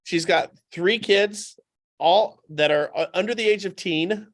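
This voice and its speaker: A man with a fairly high voice talks as a guest on a casual podcast. He tells stories with animation and drives points home by repeating them. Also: a little slow. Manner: animated anecdotal storytelling; emphatic, repeats points for effect.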